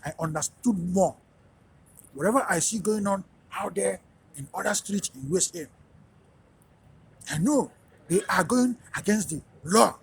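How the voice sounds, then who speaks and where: A man's voice: high-pitched, animated, measured pace, long pauses, slightly rough. A man, a radio host, telling a personal story in an emphatic, repetitive, preacher-like monologue.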